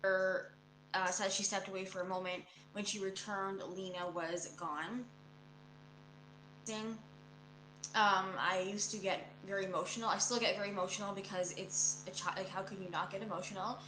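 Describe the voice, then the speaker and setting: A woman doing a psychic reading on a case, speaking earnestly with many pauses and fillers. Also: mid-range voice, steady tone, fairly bright tone, slight background noise. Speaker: psychic true-crime reader. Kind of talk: recorded video reading. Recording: echoey room.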